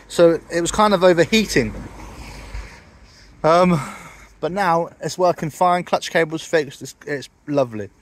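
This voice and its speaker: A young man chatting casually to viewers in a travel vlog, rambling and joking. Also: a little high. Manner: rambling, jokey, talks to viewers. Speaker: vlogger.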